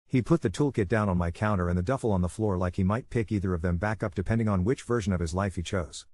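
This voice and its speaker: A man reading a first-person story aloud in a steady, measured narrating style. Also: sits low.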